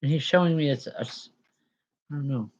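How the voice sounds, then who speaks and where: A woman medium giving spirit readings to a live audience, talking in a halting, searching way with many fillers and restarts. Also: low-pitched, a little mellow, muffled recording.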